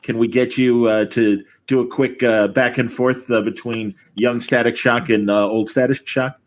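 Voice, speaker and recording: A man hosting a video call chat, asking questions in a halting way with many fillers. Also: mid-range voice, steady tone. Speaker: host. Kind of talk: interview questions.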